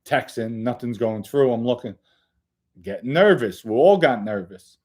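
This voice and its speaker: A man's voice: mid-range voice, expressive, moderate pace, darkish tone. A middle-aged man hosting his own channel, telling family stories in a casual, rambling solo monologue and swearing now and then. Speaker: channel host.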